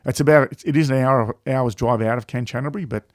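Rambling Australian bloke, swearing freely. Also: male voice, mid-range voice, fast, dry recording, clean studio sound. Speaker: podcast co-host. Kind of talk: casual chat.

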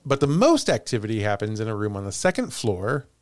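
A man's voice: lowish voice, very animated, a little fast, a little mellow, no echo. Laughing man telling a ghost story. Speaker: podcast host. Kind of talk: casual storytelling chat.

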